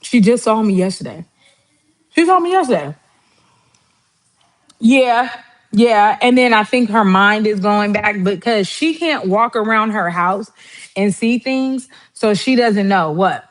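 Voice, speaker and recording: A woman's voice: mid-range voice, a little slow. A woman hosting a casual livestream, chatting and telling family stories with frequent laughter. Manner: chatty storytelling, laughs often, mimics relatives. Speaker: livestream host. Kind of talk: casual livestream chat while cooking.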